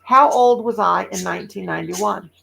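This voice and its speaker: A woman's voice: medium pitch, normal speed, gravelly, a bit bright, breathy edge, rough recording. Chatty Midwestern woman in her sixties. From American Midwest. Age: 60s. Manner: chatty, rambling, laughs often. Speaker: livestream host. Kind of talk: casual chat with viewers.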